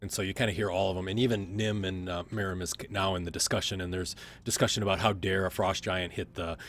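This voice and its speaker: A man narrating as game master of a tabletop game, relaxed and rambling with many fillers. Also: deep voice, quick pace.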